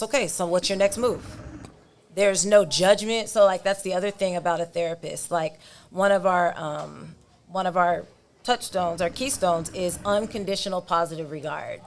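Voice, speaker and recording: Woman therapist guest on a podcast, calm and explanatory, laughs easily. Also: mid-range voice, moderate pace. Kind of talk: casual podcast chat.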